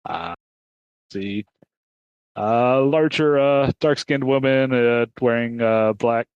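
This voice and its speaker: A man narrating a tabletop game as game master, halting with many fillers. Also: mid-range voice, clean tone, no echo, lo-fi sound.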